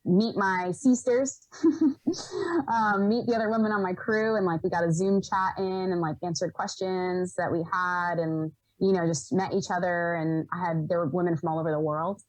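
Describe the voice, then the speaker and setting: A young woman from Rhode Island telling stories as a podcast guest, animated, laughing often and acting out what people said. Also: fairly low pitch, moderate pace, no echo, poor audio. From Rhode Island, USA. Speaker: podcast guest, environmental educator. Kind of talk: casual storytelling in an interview.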